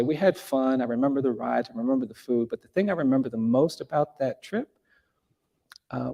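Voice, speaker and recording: Middle-aged guy, gravelly mellow voice, telling a personal story real earnest, lots of restarts. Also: medium pitch. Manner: earnest, with frequent restarts and emphatic rises.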